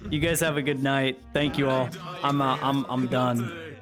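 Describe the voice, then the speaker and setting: A young man streaming from home, signing off after a role-play session in an excitable, sweary, laughing way. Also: medium pitch, normal speed, over music. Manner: excitable, swears a lot, laughs between lines. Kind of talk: casual sign-off chat to stream chat.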